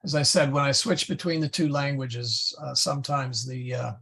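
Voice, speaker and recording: A man teaching a Latin class, slowly going through verb forms and correcting his own slips. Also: medium pitch, vocal fry, a bit bright, husky. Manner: slow, patient, stumbles and self-corrects; spells out Latin forms one by one. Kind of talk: classroom lesson.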